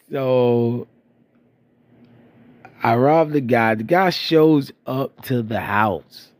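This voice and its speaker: A Florida man in his thirties, a bit stuffy-nosed, tells rambling, profane stories about his past in a casual monologue, laughing at himself along the way. His mid-range voice draws out words and pauses often, with no echo.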